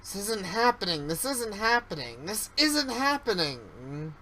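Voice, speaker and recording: A streamer reading the lines of a frightened high school boy, pleading and earnest. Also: sing-song, measured pace, pushed and bright, slight background noise, low-quality recording. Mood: desperate. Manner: pleading and desperate. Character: frightened teenage boy, the hero. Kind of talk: reading game dialogue aloud.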